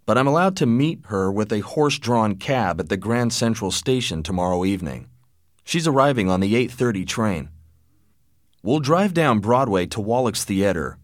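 A man's voice: on the low side, no echo, lightly acted. A man voicing an earnest young man pleading with his father, in a dry-sounding storybook reading. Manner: earnest, plaintive.

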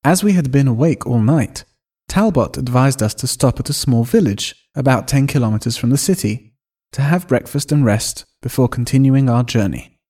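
A man reading a first-person story aloud in an expressive, storytelling manner. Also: mid-range voice, normal speed. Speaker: narrator. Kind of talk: scripted story narration.

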